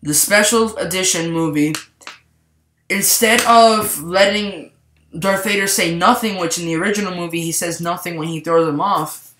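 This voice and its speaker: A man's voice: high-pitched, moderate pace, pushed and bright, a little hiss or hum. Rambling young-sounding man in an echoey room. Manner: rambling, heavy use of "like". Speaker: movie reviewer. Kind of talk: casual spoiler review.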